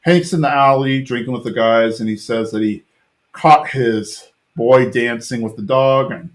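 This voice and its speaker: A man's voice: mid-range voice, a little slow. A man in his thirties casually recapping a cartoon episode on a podcast, rambling with lots of fillers and restarts. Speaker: podcast co-host.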